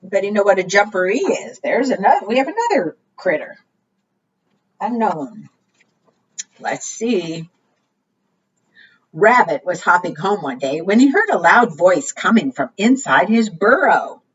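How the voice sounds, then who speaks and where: A woman librarian leading a preschool storytime, reading aloud and gently encouraging the children. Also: mid-range voice, very animated, measured pace, long pauses, breathy edge. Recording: dull distant recording.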